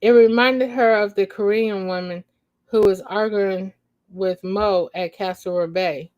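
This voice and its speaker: A woman's voice: mid-range voice, fairly even intonation, darkish tone, clean tone, highs cut off. A woman reading her own story aloud on a livestream, stopping often to laugh and chat with viewers in slang. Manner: slow reading broken by laughing asides to chat; uses slang, says y'all. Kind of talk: casual live story reading.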